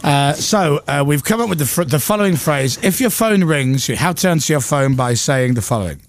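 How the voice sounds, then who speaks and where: A man's voice: a little high, animated, fairly quick, no room sound. A man from Coventry with an English accent, hosting a radio breakfast show in casual, playful chat from a studio mic. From England. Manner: jokey, playful, bursts into silly shouts. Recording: music playing under speech.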